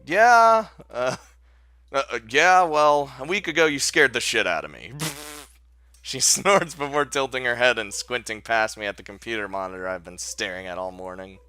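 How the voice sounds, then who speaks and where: A man's voice: mid-range voice, animated, normal speed, pushed and bright, clean tone. A man playing a visual novel, reading the story aloud and adding casual, swearing commentary with laughs and restarts. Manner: casual, swears, laughs, breaks off mid-sentence. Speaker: let's play host.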